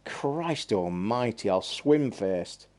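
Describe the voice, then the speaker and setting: A man's voice: on the low side, expressive, takes it slowly, a little mellow. A man hosting a gaming live stream, chatting in a rambling, blunt and sweary way. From England. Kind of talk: casual live-stream chat.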